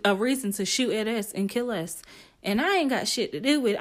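A young woman hosting a podcast, telling a wild personal story in a casual, animated way, swearing freely and calling listeners honey. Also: mid-range voice, normal speed. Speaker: podcast host.

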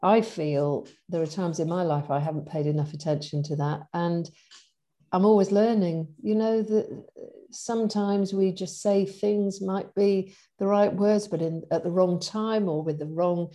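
A middle-aged woman in casual conversation, chatty and animated, laughing often as she talks about her events. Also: lowish voice, measured pace. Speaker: event organizer and guest.

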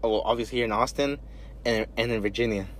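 A man's voice: fairly low pitch, fast talker. A young man co-hosting a casual podcast in a car, teasing his friends, laughing and stammering as he talks. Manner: teasing, laughs a lot, stammers when excited. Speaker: podcast co-host.

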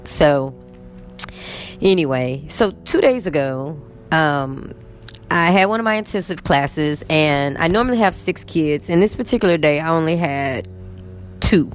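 Chatty Texan woman teacher, lowish voice. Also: measured pace, soft background music. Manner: animated, chatty, acts out quotes. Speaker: English teacher. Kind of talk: casual storytelling vlog. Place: in bed at home.

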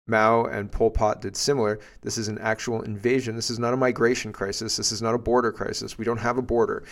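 A man's voice: lowish voice, level tone, fast talker, few pauses. A man hosting a podcast, commenting bluntly and with indignation on clips he plays. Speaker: podcast host.

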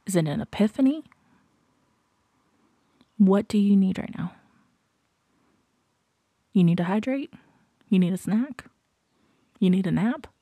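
A woman hosting a podcast, giving a slow, reflective motivational talk, often dropping into soft whispers and repeating questions to the listener. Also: mid-range voice, lively intonation, no echo. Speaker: podcast host.

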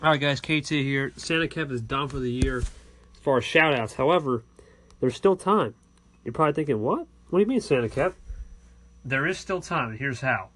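A man's voice: medium pitch, moderate pace, a bit bright. A man hosting a casual podcast, thanking callers with friendly, repeated sign-offs. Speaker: podcast host reading call-ins. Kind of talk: casual call-in shout-outs.

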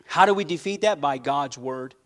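A man who is a pastor, preaching a sermon with fervent emphasis, swinging from loud declarations to quiet, earnest asides. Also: fairly high pitch, moderate pace. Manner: fervent preaching, rising loud then dropping soft.

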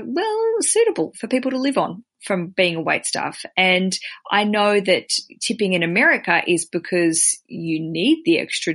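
An Australian woman hosting a podcast in casual, chatty talk, animated and quick to poke fun at herself. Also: medium pitch. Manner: chatty, animated, self-deprecating. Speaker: podcast host.

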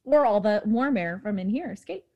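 A young woman from New York talks quickly and tells her story with animated energy. She co-hosts a casual chat podcast. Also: medium pitch, dull audio. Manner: fast-talking, animated storyteller. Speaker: podcast co-host.

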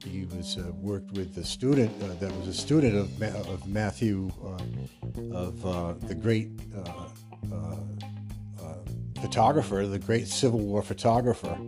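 A man's voice: low-pitched, measured pace, music in the background. An American man hosting a podcast in casual, rambling talk full of fillers and restarts. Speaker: podcast host.

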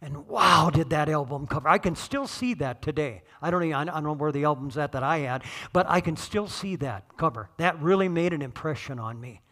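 Casting: middle-aged male pastor, high bright voice, chatty sermon with loud peaks. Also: animated, brisk, hardly any pauses. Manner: conversational, joking, swells to shouting on key points.

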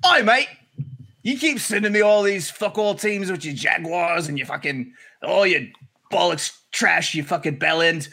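A man's voice: high-pitched, normal speed, vocal fry, sharp tone, pitched above the performer's own voice, heavily acted. A man putting on a bad British accent to voice a foul-mouthed bloke picking a fight, full of crude swearing and mock bravado. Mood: mock-furious.

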